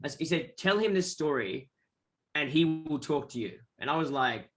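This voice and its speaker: Australian male musician, animated storyteller, voice sits a touch high, casual interview guest. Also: normal speed, faint music behind. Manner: animated, rambling, acts out quoted voices.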